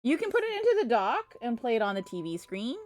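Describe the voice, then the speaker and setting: A woman's voice: a little high, huge pitch swings, fast. A woman at home, chatting on a live stream with exasperated, playful storytelling and teasing. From Canada. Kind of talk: casual live-stream chat.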